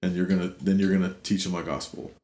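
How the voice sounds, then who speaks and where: Middle-aged guy telling his story in an interview, kinda low voice, earnest, room echo on it. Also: quick pace. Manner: earnest, animated retelling that drops low and quiet for grave parts. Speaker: interview guest. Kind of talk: personal storytelling in a podcast interview. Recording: roomy echo.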